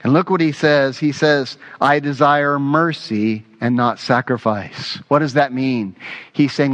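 A man's voice: mid-range voice, steady tone, measured pace, a bit bright. A man preaching a sermon as pastor, earnest and emphatic, repeating his key phrases.

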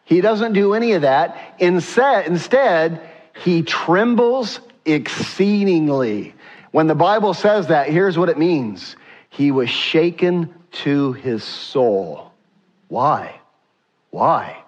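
A male pastor preaching a sermon, animated and asking rhetorical questions, slowing down for emphasis. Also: on the high side, muffled recording.

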